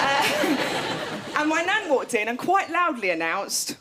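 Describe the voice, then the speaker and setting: A woman's voice: sits high, very animated, moderate pace. A woman in her thirties doing a stand-up set, chatty and self-mocking, often breaking into laughs. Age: 30s. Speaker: stand-up comedian. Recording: loud noisy stage recording.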